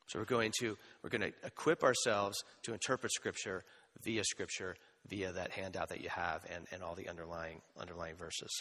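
A man preaching a sermon as pastor, conversational and animated, with asides and humor. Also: low-pitched, normal speed. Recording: long hall reverb.

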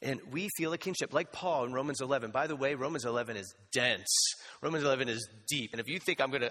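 A man preaching a sermon as pastor, conversational and animated, with asides and humor. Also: medium pitch. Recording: long hall reverb.

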